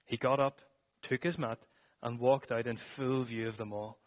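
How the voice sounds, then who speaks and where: A man's voice: mid-range voice, fairly even intonation, moderate pace. A man delivers a sermon in a church, speaking to the congregation in an earnest way. His voice sits in the middle range for a man. He sometimes restarts a phrase before pressing on. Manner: earnest, with some stumbles and restarts. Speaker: preacher.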